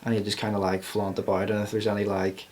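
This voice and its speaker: A man's voice: lowish voice, level tone, a little mellow, a little hiss or hum. Laughing male podcast guest. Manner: laughing often, quick and loose when telling anecdotes. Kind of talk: casual chat.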